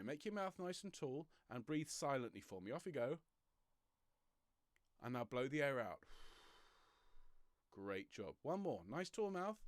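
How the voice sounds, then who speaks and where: An encouraging man coaches a choir through breathing and stretches in a jokey, step-by-step way. His voice sits a little high, and it comes over a home mic on a video call. The sound is dry and close, with no room echo. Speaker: choir leader. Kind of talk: leading an online choir warm-up. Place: home room, traffic passing outside.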